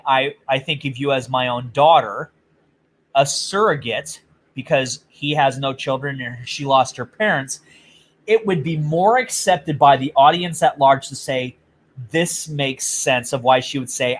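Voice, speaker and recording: A man co-hosting a casual chat, telling stories in a blunt, profane way. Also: mid-range voice. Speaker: podcast co-host.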